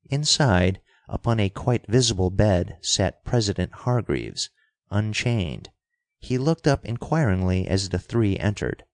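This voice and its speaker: A man narrating an adventure story in a steady, measured and dramatic audiobook style. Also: low voice, dry recording, clean studio sound.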